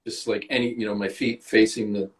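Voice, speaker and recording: A Canadian man with a fairly low voice chats loosely as an interview guest. He tells anecdotes with plenty of casual swearing and slips into quoted voices. His delivery is relaxed and conversational. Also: brisk. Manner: swears freely, storytelling with acted quotes. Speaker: actor, podcast guest.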